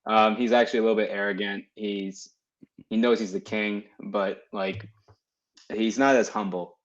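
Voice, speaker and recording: A man appearing as a guest on a casual podcast, relaxed and quick to laugh as he talks about films. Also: lowish voice. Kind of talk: casual movie chat. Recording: dull lo-fi audio.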